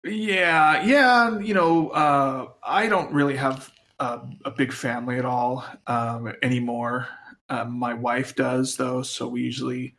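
A man co-hosting a casual podcast chat, low-key and hesitant, with a self-deprecating way of talking. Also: fairly even intonation, measured pace, pushed and bright. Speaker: podcast co-host.

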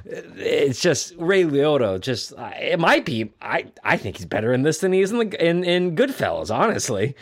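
Animated man retelling movie scenes. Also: moderate pace, vocal fry, few pauses, husky. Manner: acts out movie lines in low growls, animated. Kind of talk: casual film discussion.

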